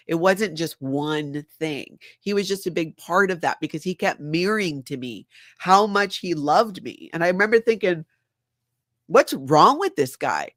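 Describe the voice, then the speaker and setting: A woman's voice: sits low, no room sound, studio quality. A woman hosting a livestream, talking in an earnest, confiding way and reading viewer comments aloud. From former member of a high-control group. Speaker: livestream host.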